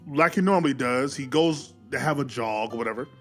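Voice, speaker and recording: A man casually recapping a movie, animated, often acting out the characters' lines. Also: medium pitch, fairly quick, soft background music. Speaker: movie reviewer.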